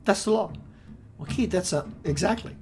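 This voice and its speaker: Preachy spiritual host, rhyming, swinging loud-soft. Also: male voice, high-pitched, moderate pace, faint music behind. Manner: preachy, with playful rhymes and sudden swings between loud and hushed. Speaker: spiritual radio show host. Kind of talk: impassioned spiritual talk.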